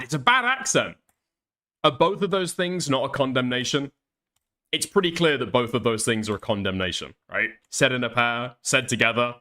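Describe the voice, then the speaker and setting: A man's voice: medium pitch, lively intonation, normal speed, pushed and bright. A man ranting in exasperated commentary, swearing often and mocking the people he argues against.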